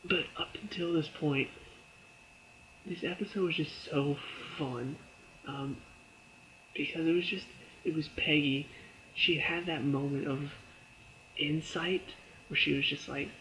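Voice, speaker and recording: A man's voice: fairly high pitch, steady tone, measured pace, pauses often, bright, forceful tone, slight background noise, rough recording. A man casually reviewing a TV episode in a chatty way, with lots of fillers, breaking into laughs and acting out characters' lines as he retells scenes. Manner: briefly acts out characters' lines in quotes.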